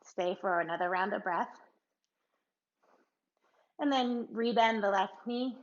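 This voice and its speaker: Slow-paced woman cueing yoga poses. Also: mid-range voice, highs cut off. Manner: cueing poses in short calm phrases, laughing at herself. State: slightly out of breath. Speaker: yoga instructor. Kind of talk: guided yoga class instruction.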